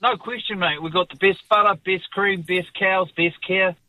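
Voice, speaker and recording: New zealand man, radio caller, tinny phone line, slightly high voice, blunt and matey. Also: fairly even intonation, moderate pace, dry recording. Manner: blunt, says mate constantly. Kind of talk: phone-in chat.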